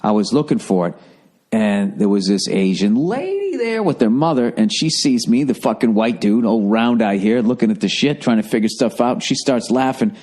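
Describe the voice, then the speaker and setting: A man in his fifties with a Boston accent, hosting a podcast and telling a profane, animated comedic story. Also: lowish voice, normal speed. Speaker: podcast host. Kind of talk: casual comedic monologue.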